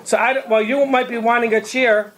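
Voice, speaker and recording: A woman telling a story to children in a lively way, acting out the people in it. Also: a little high, brisk, poor audio. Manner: lively, acts out the characters in the tale.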